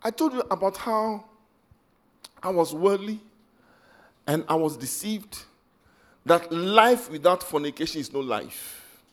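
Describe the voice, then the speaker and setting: A man's voice: sits high, expressive, unhurried, long pauses. A man preaching an emotional, impassioned sermon.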